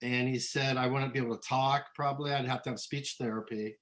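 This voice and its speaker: A middle-aged man from Southern California, a musician being interviewed, talking in a relaxed, rambling way with many ums and restarts. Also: medium pitch, a little fast. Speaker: musician guest. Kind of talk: casual interview.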